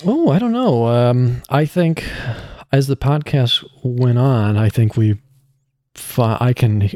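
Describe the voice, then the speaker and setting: A man's voice: mid-range voice, animated, slow, dark tone, dry recording, clean studio sound. A man who voices a character on a podcast, talking it over in a reflective, rambling way with many restarts. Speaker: voice actor. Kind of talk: casual podcast chat.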